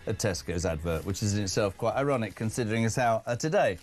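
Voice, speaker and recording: A man's voice: on the low side, expressive, fast, faint music behind. A man hosting a live breakfast talk radio show, chatty with wry asides while reading out listener messages.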